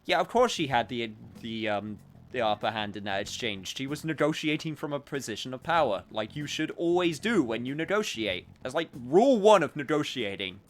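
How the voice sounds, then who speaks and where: A man's voice: mid-range voice, big pitch swings, fairly quick. A man casually commenting on a game stream, joking and self-mocking. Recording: game music playing behind.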